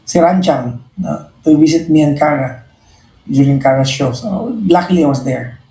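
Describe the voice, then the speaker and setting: A man with a Filipino accent talks earnestly and reflectively to his live-stream viewers, circling back and restarting his phrases as he thinks. His voice sits a little high and mellow. The sound carries a roomy echo. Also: normal speed.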